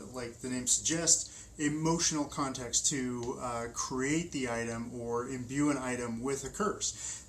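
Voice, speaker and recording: A man's voice: medium pitch, a bit bright, slight background noise, natural voice, low-quality recording. A man playing an eager, rambling male wizard professor who teaches curse breaking, stumbling over his words in a fan-made web drama.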